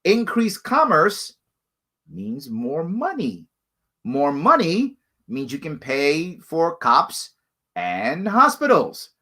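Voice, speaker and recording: Man, host, answering viewer questions, emphatic, lively pitch swings. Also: slow pace, husky. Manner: emphatic, animated, repeats points for stress. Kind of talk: live call-in style solo talk.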